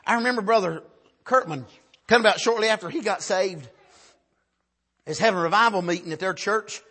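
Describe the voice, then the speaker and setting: Impassioned preacher, a man with a high, bright, husky voice, who swings from hushed asides to shouted exhortation and keeps punctuating with "Amen.". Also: fairly quick. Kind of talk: sermon.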